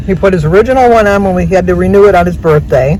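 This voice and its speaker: A woman in her seventies chatting casually as she films her day, self-deprecating and quick to laugh. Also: fairly low pitch, mellow. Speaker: vlogger. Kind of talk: casual chat. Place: in a truck and outdoors. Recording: noisy phone video.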